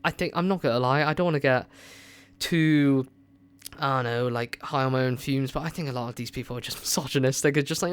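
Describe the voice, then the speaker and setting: A man with a smooth, resonant voice at an ordinary middle pitch hosts a movie review radio show. He rambles with eager excitement and leans on plenty of filler words. His casual chat keeps circling back to the films he loves. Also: a little fast, no echo.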